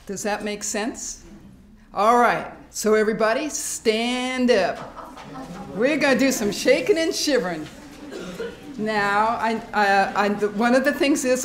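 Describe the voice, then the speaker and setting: A middle-aged woman giving a workshop talk to a live audience, animated and laughing often as she acts out fearful thoughts. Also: medium pitch, a little hiss or hum. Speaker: workshop speaker. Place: hospital meeting room. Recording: echoey room.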